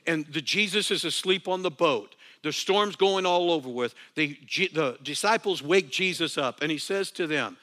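With a fairly high voice and few pauses, a man preaches at ordinary speed. His pastoral delivery is spirited, moving between hushed asides and loud emphasis, with occasional self-directed laughter.

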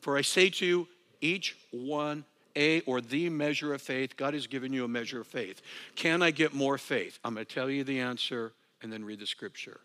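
A man preaching a sermon as pastor, animated, dropping to soft asides and rising to loud emphasis, sometimes laughing at himself. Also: medium pitch, normal speed.

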